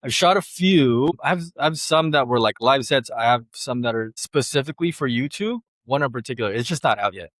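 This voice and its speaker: A young adult man tells stories in a loose, slangy way, full of fillers. When he quotes people his voice jumps higher and gets lively. The sound is dry and close, from a studio mic. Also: brisk, hardly any pauses, no room sound. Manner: animated, acts out quoted voices in a higher pitch; relaxed slangy speech with many fillers. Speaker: guest DJ. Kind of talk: casual interview storytelling. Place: podcast studio.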